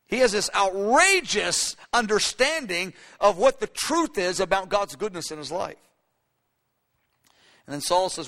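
A man preaching a sermon as pastor, animated, acting out the voices of Bible figures. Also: sits high, unhurried. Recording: long hall reverb.

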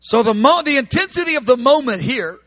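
A man preaching a sermon with passion, acting out quoted voices and swinging from hushed tones to shouts. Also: extremely high pitch, sing-song, brisk, no room sound.

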